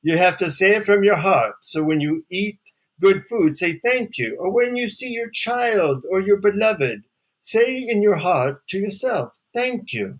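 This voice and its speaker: A man voicing a calm, wise male Indian guru with an Indian accent, speaking slowly and solemnly. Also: high voice, voice pushed up.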